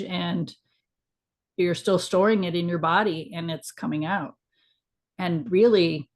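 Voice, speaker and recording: A middle-aged woman co-hosting a casual spiritual chat, talking in a frank, reflective way with some mild swearing. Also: on the low side. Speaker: podcast co-host.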